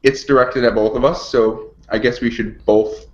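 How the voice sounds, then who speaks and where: A man co-hosting a casual chat show, animated and quick to laugh. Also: mid-range voice. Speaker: co-host. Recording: roomy, dull lo-fi home recording.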